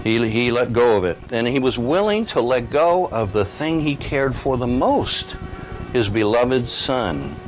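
Older man, pastor, earnest conversational sermon, mid pitch. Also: lively intonation, unhurried, poor audio. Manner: conversational, earnest, with rhetorical questions. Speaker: preacher.

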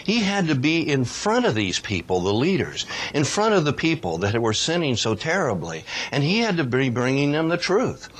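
A man's voice: on the high side, huge pitch swings, moderate pace, few pauses. A man preaching a sermon, reading scripture aloud and pressing his points with rising, questioning emphasis.

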